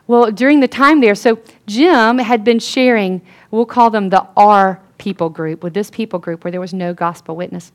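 A woman's voice: medium pitch, normal speed, hardly any pauses. Earnest woman telling a testimony. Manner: storytelling, drops to a hush for quoted lines. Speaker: speaker at a Christian gathering.

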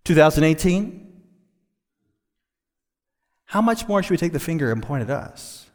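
Male pastor, high voice, fervent sermon delivery, long hall reverb. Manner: impassioned preaching, building to emphatic highs.

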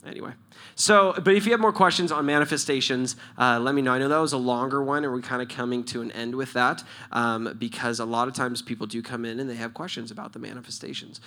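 Animated, bright-voiced male church leader. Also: mid-range voice, quick pace. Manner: animated, storytelling, laughs often. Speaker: church leader answering questions. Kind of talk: casual spoken teaching.

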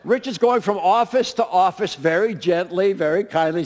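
A high-pitched pastor preaches at a moderate pace with a dynamic delivery, punching key words loudly before dropping almost to a whisper. He mixes in self-deprecating humor and laughs at his own stories.

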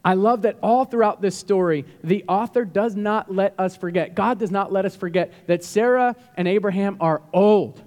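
High-voiced male pastor preaching. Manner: animated, emphatic preaching with rising bursts. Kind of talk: sermon. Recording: long hall reverb.

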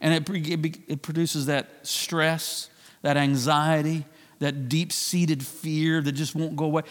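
A man's voice: a little high, flat delivery, takes it slowly, in a large hall. A man preaching a sermon, talking conversationally with frequent restarts and repeated phrases. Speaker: pastor.

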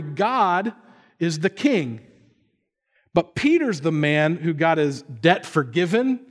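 A man in his thirties preaches a sermon, talking to his listeners as if chatting with them. He often turns to them with questions. His voice sits somewhat high for a man. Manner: conversational, asks the audience questions. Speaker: pastor.

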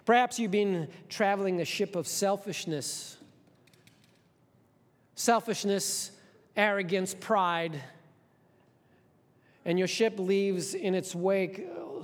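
A man preaching a sermon as pastor, passionate, swinging between hushed and loud, often repeating words. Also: on the high side. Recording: long hall reverb.

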